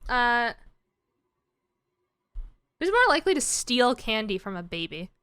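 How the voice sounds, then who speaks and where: A woman's voice: a little high, big pitch swings, a little slow, pushed and bright, clean tone, no echo. A young adult woman hosting a casual comedy podcast, rambling through stories with lots of fillers and giggles. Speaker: podcast host.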